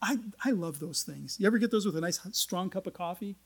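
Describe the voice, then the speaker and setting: Guy preaching w a pretty high voice, chatty, reads the bible then jokes around about it. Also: animated, fairly quick, creaky, husky. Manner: conversational, reads scripture aloud and explains it; folksy and joking asides. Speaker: pastor. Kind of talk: sermon.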